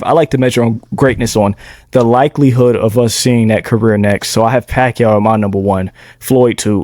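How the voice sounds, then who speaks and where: A young man with a low voice making his case in a laid-back sports podcast. He speaks at a measured pace, drops casual slang, and sounds dry and close with no room echo. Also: a little mellow. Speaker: podcast co-host.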